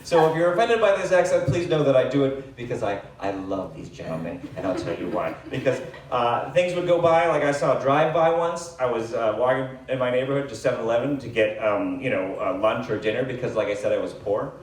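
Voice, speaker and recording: A man doing live stand-up, telling a rambling, self-deprecating story with lots of fillers and quick asides. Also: mid-range voice, lively intonation. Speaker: stand-up comedian. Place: comedy club stage. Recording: echoey room, distant mic, faint hiss.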